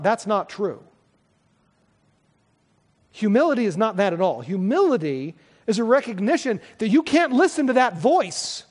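A man's voice: extremely high pitch, long reverb tail. A man preaching a sermon as pastor, earnest and conversational, often restarting his sentences.

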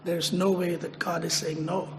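A man preaching a sermon, slow and emphatic, repeating his phrases and lifting his voice sharply on quoted prayers. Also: on the high side, level tone, in a large hall, a little hiss or hum.

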